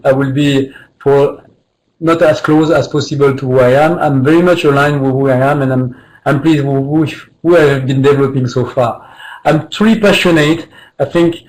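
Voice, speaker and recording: A man with a French accent giving a webinar presentation, talking haltingly with many fillers and restarts. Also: a little high, a little hiss or hum, poor audio. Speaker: guest presenter.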